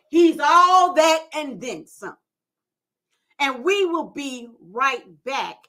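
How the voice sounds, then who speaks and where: A woman's voice: a little high, fairly bright tone. A woman hosting a gospel radio show, sharing her testimony and encouraging listeners in an emphatic, preacherly way. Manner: preacherly, emphatic, slow and deliberate.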